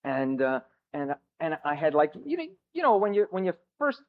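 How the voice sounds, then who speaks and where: A man from New Jersey telling his own recovery story to a meeting, halting and self-mocking, with jokes between restarts. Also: on the high side, big pitch swings. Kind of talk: personal recovery story told to a crowd. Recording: thin, phone-like old tape.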